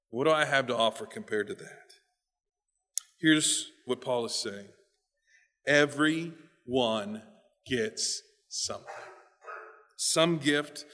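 A male pastor giving an emphatic sermon, often repeating words, moving between quiet asides and loud stresses, with long hall reverb. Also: fairly high pitch.

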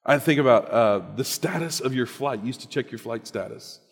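A preacher in an echoey hall. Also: male voice, mid-range voice, lively intonation, normal speed, gravelly. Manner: storytelling, conversational, emphatic. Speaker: pastor. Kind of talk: sermon.

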